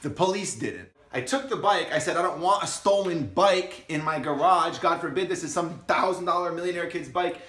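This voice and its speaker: A young man with a slightly high voice tells a story in an animated, excitable way, swearing freely. The sound is roomy, with noticeable echo around him. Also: moderate pace, hardly any pauses. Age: young adult. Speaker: vlogger and insurance agency owner. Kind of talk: casual storytelling to camera.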